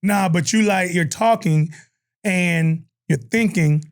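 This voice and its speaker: A man with a high, bright-pitched voice co-hosts a casual podcast chat. He talks in lively, slang-filled bursts and leans into the lines he quotes, raising his voice for them. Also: slow. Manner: animated, slangy, acts out quotes in a raised voice. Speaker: podcast co-host.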